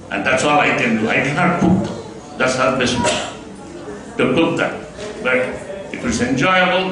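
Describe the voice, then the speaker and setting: A man gives a measured, earnest guest-of-honor speech at a school event. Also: fairly high pitch. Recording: echoey hall from far off, noisy.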